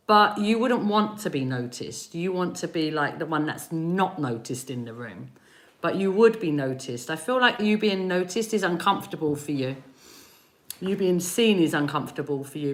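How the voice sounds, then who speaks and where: A woman giving tarot readings on a live stream, chatting gently with viewers and softly repeating their names as she tunes in. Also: lowish voice. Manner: slow, soothing, repeats names while tuning in. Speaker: tarot reader.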